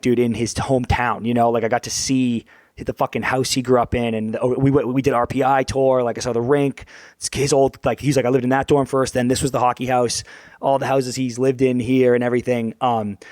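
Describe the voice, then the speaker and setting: A young man co-hosting a hockey podcast who tells a long story in a rambling, animated way, swears freely and acts out what people said. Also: medium pitch, no echo. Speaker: podcast co-host. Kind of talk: casual storytelling chat.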